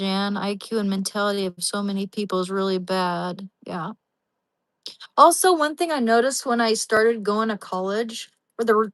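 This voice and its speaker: A woman's voice: medium pitch, a bit bright, no room sound, low-quality recording. Young woman livestream host, casual and rambling, talking to her chat. Dry, close sound. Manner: talks to chat viewers by name, rambling with many restarts.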